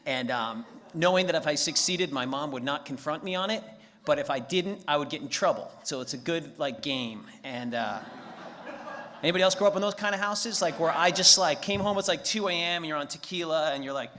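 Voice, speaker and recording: A man sharing his story at a recovery meeting, profane and animated. His voice is bright, forceful and a little high, and he tells it as a comic tale in a meeting room. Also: fairly quick.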